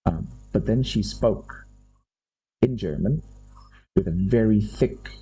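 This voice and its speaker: A man's voice: on the low side, takes it slowly, warm tone, husky, faint music behind, poor audio. A man giving a university lecture, thinking aloud and repeating his phrases as he goes. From Indonesia.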